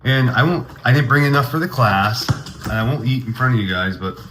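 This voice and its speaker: A man's voice: mid-range voice, lively intonation, a little fast, reverberant, background noise. A man hosting a comedy podcast, rambling through a mock-grandiose, hyped monologue.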